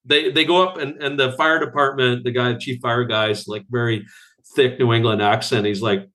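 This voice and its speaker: A Canadian architect, guesting on a podcast, talks casually in a lowish voice at normal speed. He's an animated storyteller who acts out other people's quotes with bursts of laughter.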